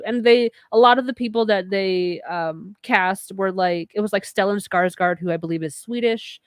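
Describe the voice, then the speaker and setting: A woman's voice: mid-range voice, moderate pace, few pauses, clean tone, dry recording. Chatty woman podcast co-host. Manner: chatty, laughs often. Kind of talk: casual chat.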